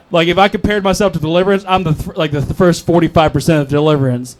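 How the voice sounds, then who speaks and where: A man's voice: on the high side, fairly even intonation, fast talker, hardly any pauses. A young man from North Carolina with a Southern accent, doing crude, rambling, self-mocking open-mic stand-up. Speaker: stand-up comic.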